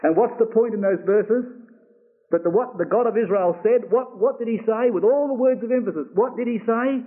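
Male preacher, high voice, earnest, asks questions, phone-thin audio. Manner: earnest, rhetorical questions, reads scripture slowly. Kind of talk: Bible exposition sermon. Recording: tinny phone-like lo-fi recording.

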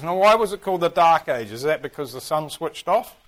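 A man with a New Zealand accent teaching a class, lively and full of questions to his listeners. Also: a little high, measured pace. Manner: animated, keeps firing questions at the class. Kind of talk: interactive history class on church history.

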